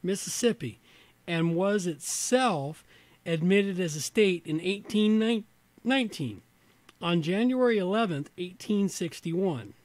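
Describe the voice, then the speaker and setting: A man's voice: high-pitched, lively intonation, takes it slowly, darkish tone, dry recording. A slightly tipsy man hosting a casual livestream, reading from an old reference book and breaking off into muttered, rambling asides. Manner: rambling, muttered asides between read passages. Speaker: host.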